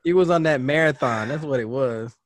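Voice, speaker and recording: A man's voice: medium pitch, brisk, no room sound. Laid-back slangy man co-hosting a podcast. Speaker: podcast co-host. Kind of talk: casual chat. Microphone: podcast mic with foam cover.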